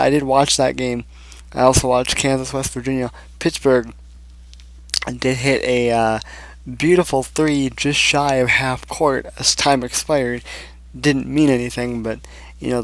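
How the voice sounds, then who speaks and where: A young man hosts a casual picks show on his own. His voice has a gravelly, fry-edged texture. He rambles through scores with lots of ums and uhs, and the sound is dry with no room echo. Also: mid-range voice. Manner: rambling, many fillers, reads scores and picks. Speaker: sports picks host. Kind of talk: casual solo sports commentary.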